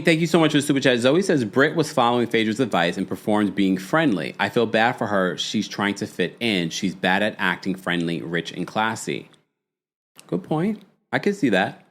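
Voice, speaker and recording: A man hosting a casual commentary show, reading viewer messages aloud and reacting with laughs. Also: on the low side. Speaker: host.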